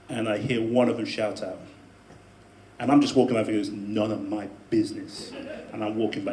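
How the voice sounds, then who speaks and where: A man telling a personal story to a live audience in a debate speech, animated, with laughing asides and emphatic peaks. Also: lowish voice, a little hiss or hum. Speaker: debate speaker. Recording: echoey room with faint ambience.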